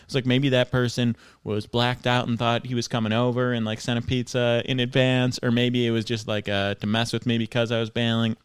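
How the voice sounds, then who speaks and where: A man's voice: medium pitch, little pitch movement, a little fast, hardly any pauses, clean tone, dry recording. A man co-hosting a podcast in casual chat, telling stories in a rambling, mock-dramatic way. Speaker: podcast co-host.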